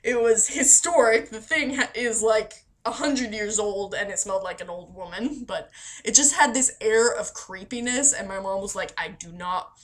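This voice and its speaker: A woman's voice: a little high, normal speed. A woman from Florida talking casually through a questionnaire, chatty and self-deprecating, laughing often and swearing now and then. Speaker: vlogger answering a voice meme questionnaire. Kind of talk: casual rambling monologue.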